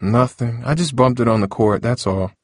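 A man's voice: mid-range voice, normal speed, no room sound, pitched above the performer's own voice, lightly acted. An impatient teenage boy grumbles his short replies, as a male narrator puts him on. The sound is close and dry.

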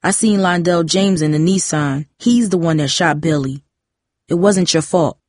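A woman's voice: lowish voice, moderate pace, darkish tone, no room sound, studio quality, lightly acted. A woman reading as a loyal teenage boy. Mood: reassuring. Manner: reassuring, slangy.

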